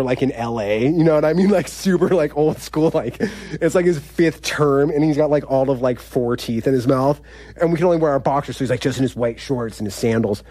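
A man's voice: medium pitch, darkish tone, no room sound. A man, telling a personal story in a casual, rambling way, full of fillers and laughs. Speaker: incarcerated storyteller.

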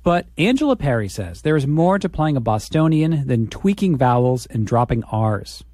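A male radio reporter interviews a guest in a conversational, probing way. His voice has a lively, varied pitch, and the recording is dry and close. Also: moderate pace, dry recording.

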